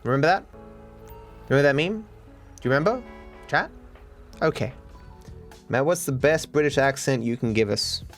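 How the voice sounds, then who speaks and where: Streaming a game, a man with a medium-pitched, lively voice talks at normal speed, pausing often, as he cracks self-deprecating jokes, swears freely and addresses his chat. Faint music plays behind him.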